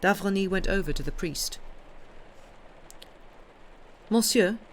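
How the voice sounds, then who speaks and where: A woman streamer reading a classic novel aloud in a steady, clear narration. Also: deep voice, moderate pace, slight background noise. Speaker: audiobook reader and streamer.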